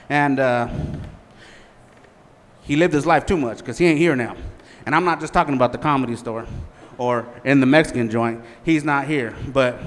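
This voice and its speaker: Male comic in his forties, profane and rambling, raised pitch, long club reverb. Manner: profane, rambling storytelling with many fillers. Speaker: stand-up comic. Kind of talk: stand-up comedy set. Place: small comedy club stage.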